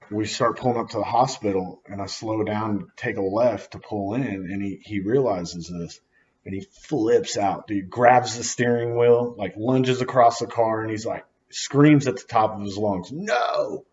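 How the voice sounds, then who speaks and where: A man's voice: on the low side, slight background noise. Male storyteller, casual and slangy, acts out the other voices in bursts; slightly muffled lo-fi sound. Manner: animated, acts out quotes with sudden loud outbursts; casual slangy speech with many fillers.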